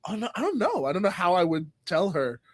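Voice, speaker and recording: A man in casual podcast chat, telling a story in a hesitant, halting way. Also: high voice, huge pitch swings, no room sound.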